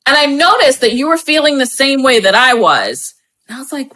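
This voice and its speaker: Bright effusive woman on a podcast, laughs a lot, casual chat. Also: high-pitched, moderate pace. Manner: effusive and animated, laughs often. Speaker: podcast guest, wedding professional and speaker.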